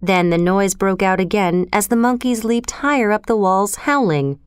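A woman narrating a storybook in a calm, expressive reading. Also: mid-range voice, moderate pace, clean tone, dry recording, studio quality.

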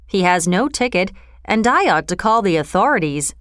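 A woman voicing a cautious middle-aged male station master in a storybook reading, slow and deliberate. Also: mid-range voice, sing-song, fairly bright tone, no echo, clean studio sound. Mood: stern.

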